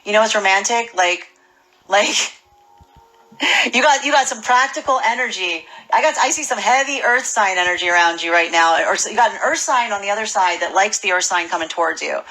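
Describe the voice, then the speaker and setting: A woman giving a casual spoken tarot reading, animated and full of restarts and repeated words. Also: mid-range voice, fairly quick, poor audio. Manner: acts out imagined people's voices. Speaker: tarot reader.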